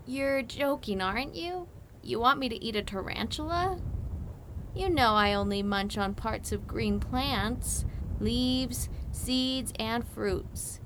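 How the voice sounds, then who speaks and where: A woman voicing a timid, gentle young male quail in an audiobook, with a high, nervous, chirpy manner. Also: lively intonation, takes it slowly, noisy background. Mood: earnest. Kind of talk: audiobook character voice.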